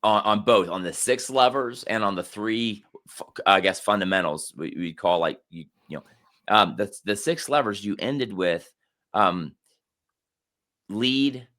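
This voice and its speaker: A middle-aged man co-hosting a casual podcast, his voice bright and forceful, a little low in pitch. He tells stories in an animated, rambling way, often breaking off and starting over. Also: measured pace. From Germany. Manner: animated storytelling, rambling with many restarts. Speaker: podcast co-host.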